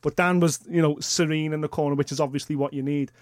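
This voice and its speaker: Fast-talking male radio host. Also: a little high, no echo, clean studio sound. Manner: animated, asks stacked questions. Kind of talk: talk radio interview. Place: radio studio.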